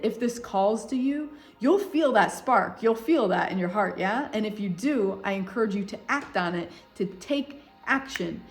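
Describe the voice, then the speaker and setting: A woman speaking as a spiritual coach in a casual, heartfelt monologue, effusive and full of loose filler words. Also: medium pitch.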